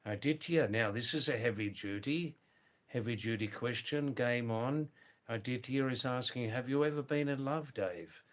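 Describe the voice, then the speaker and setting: A man's voice: medium pitch, normal speed. An older man, chatting casually on a live stream, greeting viewers by name and often saying wow.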